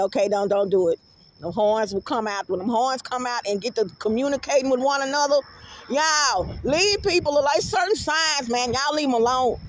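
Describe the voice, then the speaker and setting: A woman's voice: on the high side, measured pace. A middle-aged woman telling a rambling story to her viewers, cursing freely and often laughing hard. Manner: profane, rambling, breaks into hearty laughter. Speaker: vlogger.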